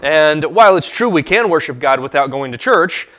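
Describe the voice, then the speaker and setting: A male pastor in his thirties preaching a sermon. His voice sits somewhat high for a man, and his delivery halts often, with fillers and restarts, as he works through the scripture. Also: expressive, pushed and bright. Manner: halting, many fillers and restarts.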